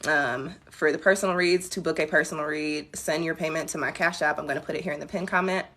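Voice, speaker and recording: A woman tarot reader chatting casually with viewers on a home live stream, relaxed and self-mocking. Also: sits low, fast talker. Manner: relaxed, chatty, laughs at herself, addresses viewers as y'all.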